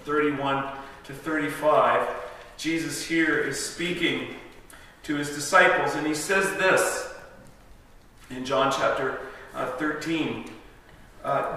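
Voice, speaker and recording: A man's voice: on the high side, takes it slowly, pauses often, bright, forceful tone. A man giving a guest sermon, telling stories in a chatty, self-interrupting way and laughing at his own jokes. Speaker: guest preacher. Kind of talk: storytelling sermon. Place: church sanctuary. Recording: echoey hall, distant mic.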